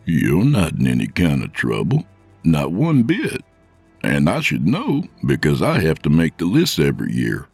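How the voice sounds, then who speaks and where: A man voicing a gruff, menacing Santa Claus with a deep gravelly voice and a slow soothing drawl in a storybook reading. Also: huge pitch swings, a little mellow, dry recording, faint music behind, full character voice. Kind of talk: audiobook narration.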